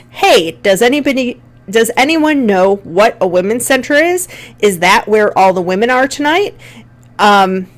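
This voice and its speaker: A woman from Buffalo with a Western New York accent, giving a conversational recorded college lecture on a play, with frequent fillers. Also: mid-range voice. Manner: conversational, many fillers, reads examples aloud. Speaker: college English teacher.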